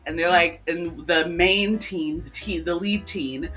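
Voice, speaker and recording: Podcast co-host, bright voice, sarcastic animated storytelling, faint music behind. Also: mid-range voice, unhurried. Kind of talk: casual chat.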